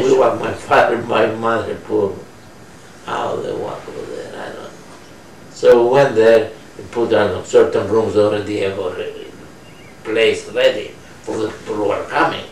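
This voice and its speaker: An older man recounting his memories in an oral history interview, speaking slow, halting, non-native English and searching for words. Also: fairly low pitch. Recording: roomy distant mic with faint noise.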